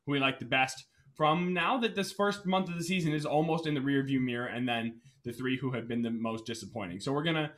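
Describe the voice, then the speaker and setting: Steady man reading off sports stats. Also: medium pitch, a little fast. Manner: steady, reads out stats, calms his partner. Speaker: podcast co-host. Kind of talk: casual sports talk.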